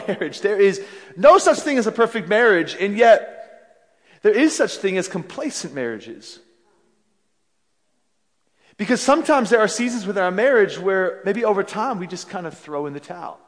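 High-voiced male pastor in a reverberant hall. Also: normal speed. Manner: animated storytelling with frequent restarts. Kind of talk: sermon. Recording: long reverb of a large hall.

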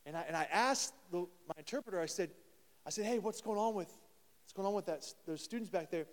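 A pastor man in his thirties preaching a sermon, telling stories with lively restarts and repeated words. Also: sits high, brisk. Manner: animated storytelling with many restarts. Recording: long hall reverb.

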